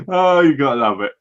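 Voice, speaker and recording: A man co-hosting a movie review, retelling scenes in a lively way and often laughing. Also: fairly high pitch. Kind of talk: casual chat. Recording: dull lo-fi home recording.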